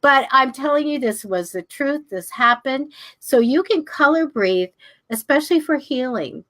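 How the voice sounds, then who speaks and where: An older woman teaching a class, telling stories in a chatty, animated way and jumping high in pitch when she acts out the people she quotes. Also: moderate pace. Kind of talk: casual storytelling to a class.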